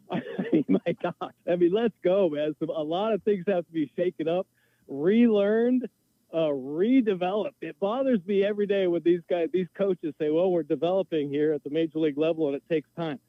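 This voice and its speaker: A man's voice: fairly high pitch, no room sound. A man calling in to a sports show, ranting in an exasperated, emphatic way about his team. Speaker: call-in guest. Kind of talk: heated sports opinion rant. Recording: tinny phone line.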